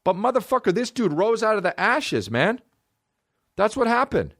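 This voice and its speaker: A man hosting a comedy podcast, ranting profanely and swinging between excited highs and low mutters. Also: normal speed, no room sound, studio quality. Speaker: podcast host. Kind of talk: solo comedy podcast rant.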